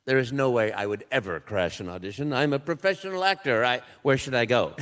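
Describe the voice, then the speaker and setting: An older man, a voice actor, telling a lively story on a convention panel and acting out quotes and sound effects. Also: mid-range voice, normal speed, in a large hall. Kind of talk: anecdotal storytelling.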